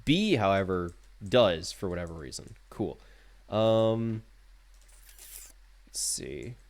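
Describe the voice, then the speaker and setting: A man streaming a horror game live, talking to himself with jokey, animated commentary while keyboard clicks sound behind him. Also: lowish voice.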